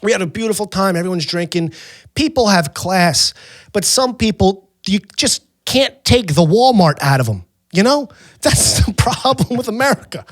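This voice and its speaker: A man hosting a podcast, telling a story in a casual, animated, swearing and self-mocking way. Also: high voice, moderate pace, dry recording. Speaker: podcast host.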